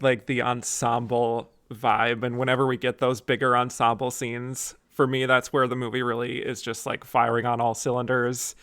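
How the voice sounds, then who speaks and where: A man's voice: medium pitch, fairly bright tone, smooth, no room sound. A man hosts a casual podcast talk about a film, laughing often and acting out the lines he quotes. His voice sits in a middle range and sounds dry and close, with no room around it. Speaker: podcast host.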